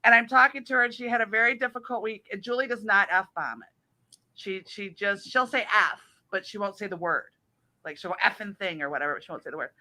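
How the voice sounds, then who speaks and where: A middle-aged woman hosting a casual talk show, telling animated stories and laughing often. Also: mid-range voice, fairly quick. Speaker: host. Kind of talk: casual chat.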